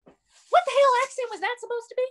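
A woman's voice: extremely high pitch, a bit bright, low-quality recording. An actress playing a tipsy young woman from Georgia with a Southern accent, slurring and drawing out her words in a short drama. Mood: mocking. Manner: slow, slurred, drawn-out tipsy drawl. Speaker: actor. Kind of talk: amateur drama over video call.

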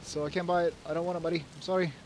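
Excitable young man gaming, high voice. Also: very fast, a little hiss or hum. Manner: excitable, swings from shouting orders to muttering; mock-royal speeches to his troops. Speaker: gamer. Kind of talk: let's play commentary.

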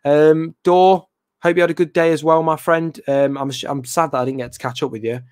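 A man's voice: fairly high pitch, fairly even intonation, brisk, darkish tone, clear, resonant tone, no room sound, studio quality. A young man hosting a fan channel, talking in a casual live reaction chat, rambling and hesitant with lots of ums and restarts, and greeting viewers in the chat by name.

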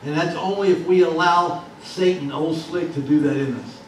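A man's voice: on the high side, moderate pace. A man preaching a sermon as pastor, in a folksy, repetitive preaching cadence. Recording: very echoey hall, distant mic, faint noise.

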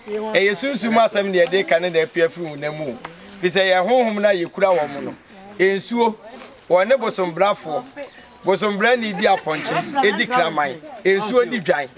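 A man hosting a vlog outdoors at a sanctuary, earnestly explaining spirits and tradition to his viewers. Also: high voice. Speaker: vlog host. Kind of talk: explaining to camera.

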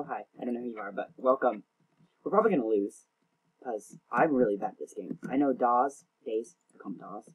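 A man's voice: medium pitch, slightly rough. A young man casually commenting on his own gameplay, rambling, self-mocking and often tongue-tied. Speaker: gaming channel host.

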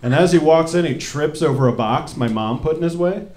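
A young man performing a stand-up comedy set on stage, telling animated stories and acting out his dad's lines. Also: on the high side, brisk, noisy background. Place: stage in a hall before a live audience. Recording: echoey hall with crowd. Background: audience laughter.

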